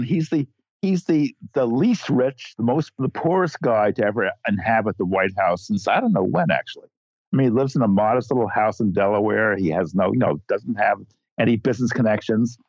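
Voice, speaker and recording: A man's voice: medium pitch, sing-song, a little fast, no echo, lo-fi sound. A man appearing as a guest journalist, talking bluntly in a casual political chat, often restarting his sentences.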